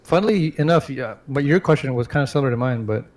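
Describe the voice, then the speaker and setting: A man's voice: medium pitch, fast, low-quality recording. A man co-hosting a casual gaming podcast, joking with his partner. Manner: joking, lively intonation. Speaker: podcast co-host. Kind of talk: casual chat.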